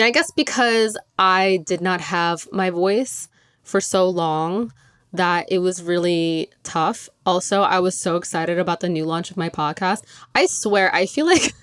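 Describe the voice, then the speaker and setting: A woman's voice: fairly low pitch, clean tone, no echo. Chatty young woman, dry close sound. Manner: chatty, lots of "like", laughs often. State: recovering from illness, voice still a bit rough. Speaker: podcast host. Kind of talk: casual chat.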